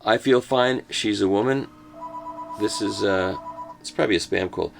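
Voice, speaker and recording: Gravelly older man joking through an unboxing. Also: fairly low pitch, normal speed, over music. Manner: joking, self-mocking asides. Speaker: host reviewing a record box set. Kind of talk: casual unboxing talk.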